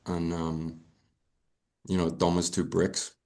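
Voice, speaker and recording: A man's voice: low-pitched, flat delivery, takes it slowly, a little mellow. An Irish man, a podcast guest, talking in a rambling casual way, swearing and trailing off with fillers. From Ireland.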